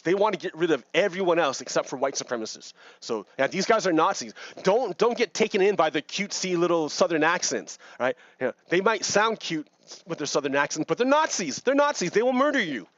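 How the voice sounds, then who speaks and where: A man with a fairly high voice talks loosely over news footage, restarting phrases and chuckling as he goes. The recording is dry and a little muffled, like a cheap home mic. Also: fairly bright tone, no echo. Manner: rambling, repeats words, laughs between points. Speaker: video commentator. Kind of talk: casual commentary on news clips.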